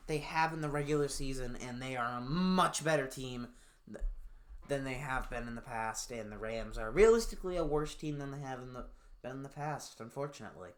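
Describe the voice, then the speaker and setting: A man's voice: mid-range voice, a little fast. A man giving casual sports predictions in a profane, sarcastic rant, swinging from fired-up outbursts to glum muttering. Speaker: NFL picks YouTuber.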